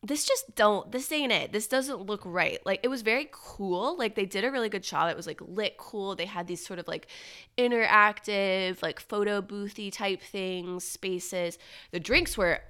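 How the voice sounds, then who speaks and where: Smooth-voiced woman telling a story. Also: mid-range voice, a little slow. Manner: animated, rambling storyteller with lots of "like". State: slightly nasal from morning. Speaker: podcast co-host. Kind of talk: casual storytelling chat.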